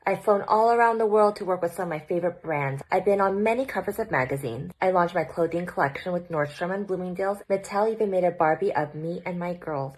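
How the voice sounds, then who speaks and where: A woman in her thirties with a husky, slightly low voice speaks straight to camera. She lays out her advice point by point in a confident, scripted way. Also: poor audio. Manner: confident, listing points in order. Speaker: blogger and businesswoman.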